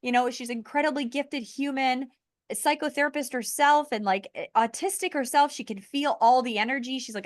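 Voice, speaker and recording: A woman hosting a casual podcast conversation, earnest and animated, laughing lightly between points. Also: high voice, brisk, no echo, studio quality. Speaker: podcast host.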